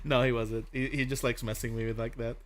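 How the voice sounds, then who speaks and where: A young man chats casually while drawing as a streamer host, laughing often and telling animated stories with acted-out quotes. His mid-range voice is brisk, with slight background noise.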